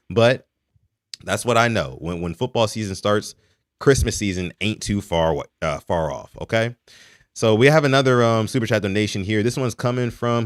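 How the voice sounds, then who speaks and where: A young man from Maryland hosting a live sports podcast, reading out donations and chatting with a lively, animated delivery. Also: lowish voice, moderate pace, no room sound, clean studio sound. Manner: animated, reads donations aloud. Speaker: podcast host. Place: home in Texas.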